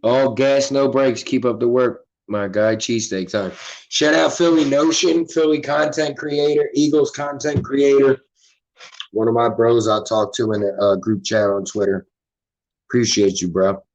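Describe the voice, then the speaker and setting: Casting: relaxed Philly guy, loose and profane streaming chatter, mid-pitched voice. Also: normal speed. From Philadelphia. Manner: laid-back, profane, reading chat aloud. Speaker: livestream host. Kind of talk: casual livestream chat.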